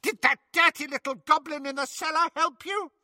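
A man voicing a villainous witch, woman, screeching, mocking, high-pitched. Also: normal speed, pushed and bright, dry recording, studio quality, exaggerated voice. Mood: shrieking.

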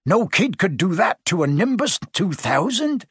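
A man voicing a big, gruff older male groundskeeper with rough, dialect-ish speech, in a storybook reading. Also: high-pitched, big pitch swings, measured pace, a bit bright, no echo, studio quality, voice pushed up, exaggerated voice. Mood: worried.

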